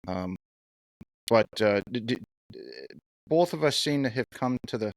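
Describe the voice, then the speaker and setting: A man's voice: medium pitch, expressive, measured pace, no echo, low-quality recording. A man in his fifties hosting a podcast and asking long, earnest, winding questions. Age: 50s. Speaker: podcast host. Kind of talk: podcast interview.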